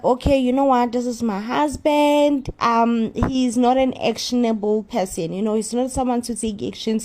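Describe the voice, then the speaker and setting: A woman giving an animated, opinionated recap of a reality show, often repeating herself in exasperation. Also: on the high side. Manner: animated, repetitive, exasperated commentary.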